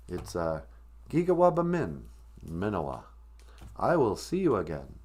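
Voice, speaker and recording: A man's voice: medium pitch, very animated, normal speed. A man hosting a comic live-stream podcast, teaching language phrases in a joking, self-mocking way. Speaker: podcast host teaching Ojibwe.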